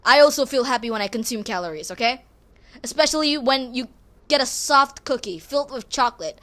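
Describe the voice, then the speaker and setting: A woman hosting a podcast, rambling through a casual, expressive, self-deprecating monologue. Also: high-pitched, a little fast. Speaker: podcast host.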